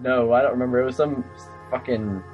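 A man's voice: a little fast, highs cut off, faint music behind. A young man in casual chat, teasing his friend and swearing often. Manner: teasing, swears, animated pitch.

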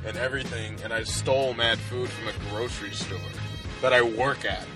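A man's voice: mid-range voice, fairly even intonation, normal speed, over music. A young man casually telling a rambling, profane story full of "like," as a podcast co-host. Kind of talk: casual chat.

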